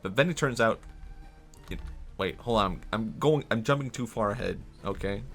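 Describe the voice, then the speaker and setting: A man streaming a game, riffing in an excitable, rambling way and laughing at his own ideas. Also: on the low side, moderate pace, faint music behind. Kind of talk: casual gameplay commentary.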